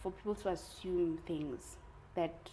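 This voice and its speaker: A woman's voice: lowish voice, unhurried, a little hiss or hum, rough recording. Candid young woman in casual conversation. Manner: candid, animated storytelling, laughs often. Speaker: guest.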